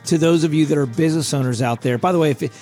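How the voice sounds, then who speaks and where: A middle-aged man with a hoarse, scratchy voice, hosting a casual solo podcast in a chatty, self-deprecating way. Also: a little high, racing, a little mellow, faint music behind. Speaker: podcast host.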